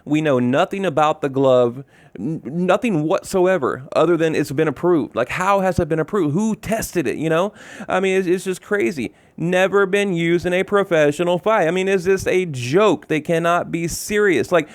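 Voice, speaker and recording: A man's voice: on the high side, moderate pace, no room sound. A man giving heated, exasperated commentary on boxing, repeating himself and swearing as he rants. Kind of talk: ranting commentary.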